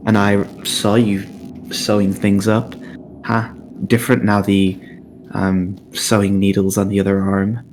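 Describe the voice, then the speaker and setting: A man's voice: on the low side, level tone, unhurried, a little mellow, a little hiss or hum, poor audio. A man playing a tabletop game, teasing and playful in character talk. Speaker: player. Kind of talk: tabletop role-play.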